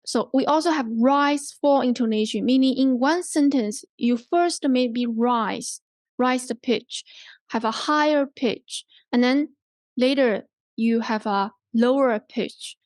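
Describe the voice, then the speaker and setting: A woman with a Hong Kong English accent leads a language workshop, explaining patiently and repeating herself, with frequent "okay?" check-ins. Her voice sits fairly high. The sound is dry and close, with no room echo. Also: slow, darkish tone. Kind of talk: teaching workshop on intonation.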